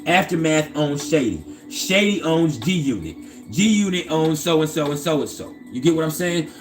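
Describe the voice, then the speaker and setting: A man's voice: on the high side, animated, a little slow, soft background music. Streetwise man telling a profane story. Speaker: astrology channel host. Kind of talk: casual personal storytelling.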